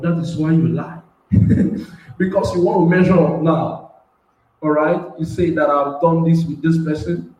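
A man preaching with strong emotion. He stumbles over words, restarts phrases, and his voice surges high and loud when he gets worked up. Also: muffled recording. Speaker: self-styled prophet and preacher. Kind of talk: impassioned spontaneous preaching. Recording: very echoey room, voice far from the mic.

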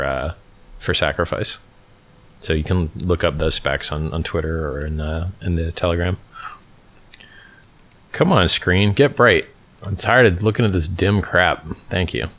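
Low-voiced but fairly bright in tone, this middle-aged livestream host reads out questions from chat and responds bluntly and offhandedly. His casual answers are sprinkled with plenty of "like" and "dude."

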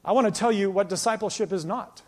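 Pastor guy preaching, pretty high voice, big hall echo, swings loud to hushed. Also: quick pace. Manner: emphatic preaching, drops to quiet intense passages. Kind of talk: sermon. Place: church sanctuary. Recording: long church hall reverb.

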